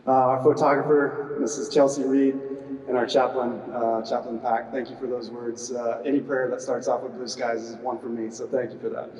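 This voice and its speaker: A middle-aged squadron commander presides over a retirement ceremony in a large hall, giving a humorous, chatty speech full of "uh" fillers and banter with the audience. His voice is medium-pitched, level, moderately paced and a little mellow. The recording is echoey and captured from a distance.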